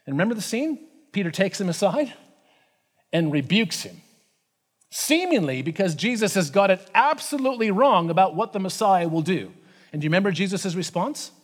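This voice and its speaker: A man preaching a sermon in a conversational, animated way, with frequent asides and fillers. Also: high voice, brisk. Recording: reverberant hall.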